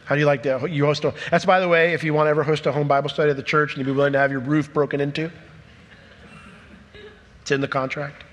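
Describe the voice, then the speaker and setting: A man's voice: fairly high pitch, fast. Man preaching in a reverberant hall. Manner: animated storytelling, acts out quoted voices. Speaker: pastor. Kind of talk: sermon.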